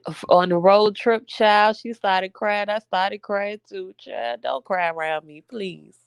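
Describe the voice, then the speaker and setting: A woman's voice: medium pitch, slow pace, clear, resonant tone, no echo, studio quality. A young woman venting to her viewers in a casual, emphatic heart-to-heart, addressing them as y'all. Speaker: vlogger.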